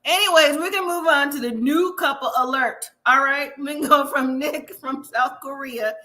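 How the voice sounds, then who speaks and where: A woman co-hosting a live review show, chatting casually, animated and laughing often with rhetorical questions. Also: sits high, normal speed. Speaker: podcast co-host.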